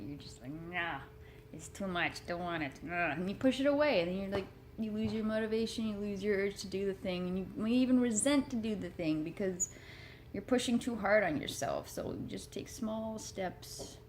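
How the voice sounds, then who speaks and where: A woman's voice: mid-range voice, slight background noise. Rambling, earnest woman vlogger. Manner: rambling, self-deprecating, earnest. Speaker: motivational vlogger. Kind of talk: rambling casual chat. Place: home room with her cat.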